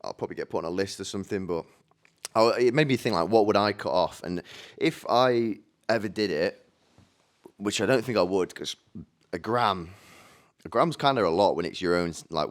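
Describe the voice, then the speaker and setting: A man hosting a solo podcast, rambling chattily into a microphone with many restarts and casual swearing. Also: low voice. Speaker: podcast host. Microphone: studio microphone.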